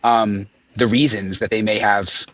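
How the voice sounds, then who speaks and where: A man who works as a reporter, discussing a breaking case in a quick, skeptical way, often restarting his sentences. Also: on the low side, steady tone, a bit bright, no echo. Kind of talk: casual discussion of a news case.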